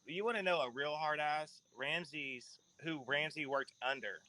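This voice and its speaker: A man's voice: fairly high pitch, measured pace, sharp tone, rough recording. A man hosting a casual podcast chat, telling long rambling stories with laughs mixed in. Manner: rambling storyteller, laughs mid-sentence. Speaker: podcast host.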